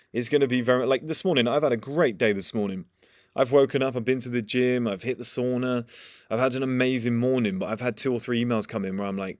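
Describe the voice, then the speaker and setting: A man's voice: mid-range voice, no room sound, studio quality. A young man giving a blunt, profane motivational talk in a casual monologue. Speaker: motivational speaker.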